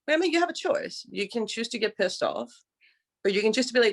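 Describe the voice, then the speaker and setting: A woman's voice: mid-range voice, expressive, quick pace. A woman talking as a guest coach on a live stream, direct and emphatic, swearing freely. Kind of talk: motivational live-stream talk.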